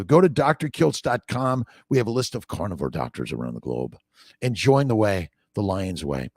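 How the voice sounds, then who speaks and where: A man's voice: medium pitch, no echo, clean studio sound. An older man, a doctor, hosting a casual morning livestream, upbeat and preachy, greeting viewers by name.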